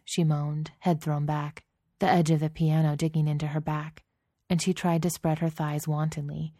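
A woman narrating a scripted story in a steady, intimate reading voice, close to the mic. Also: deep voice, dry recording.

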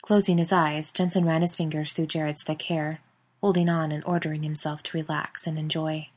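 Woman, storyteller, low pitch, even, intimate reading. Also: a little fast. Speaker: narrator. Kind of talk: reading fan fiction aloud.

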